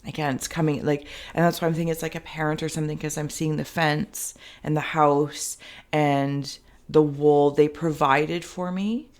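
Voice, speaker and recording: A woman's voice: low-pitched, little pitch movement, moderate pace, darkish tone. A woman giving a spoken tarot and spirit reading to camera, rambling and thinking aloud with many fillers and restarts. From Canada. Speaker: tarot reader and psychic.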